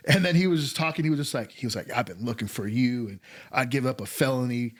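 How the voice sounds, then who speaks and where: A man spins a story in a casual podcast chat. His voice sits at an ordinary middle pitch, loose and laid-back. He swears freely and slips into quick impressions of other people. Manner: profane, laid-back, acts out quotes. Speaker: podcast guest.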